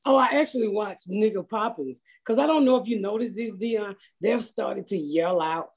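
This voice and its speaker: A brash woman comic swapping crude stories in loose podcast banter. Her voice has a husky grain. She jumps into little acted-out quotes as she goes. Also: medium pitch, moderate pace. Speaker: comedian host. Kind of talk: casual podcast chat.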